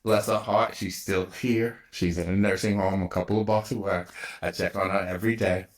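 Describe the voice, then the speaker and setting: A man in his fifties hosting his own podcast, telling a personal story with animated energy, laughing often and restarting sentences. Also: low voice, moderate pace. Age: 50s. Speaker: podcast host.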